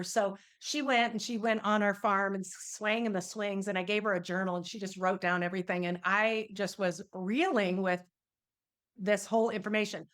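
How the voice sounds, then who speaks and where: A woman's voice: medium pitch, fairly bright tone. A middle-aged woman, an energy healer, telling a personal story in an interview and acting out the quoted dialogue with animation.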